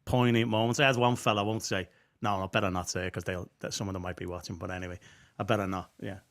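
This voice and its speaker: A man's voice: sits low, little pitch movement, fast talker, a bit bright. A man, chatting as a guest and teasing the host in easy banter. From Liverpool, England. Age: 50s. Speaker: guest musician and worship leader. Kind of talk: casual chat. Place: studio set up as a pub.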